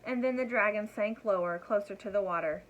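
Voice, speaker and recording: A woman reading a picture book aloud to children in an expressive voice, turning to her young listeners with asides. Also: mid-range voice, fairly quick, low-quality recording. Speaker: storyteller.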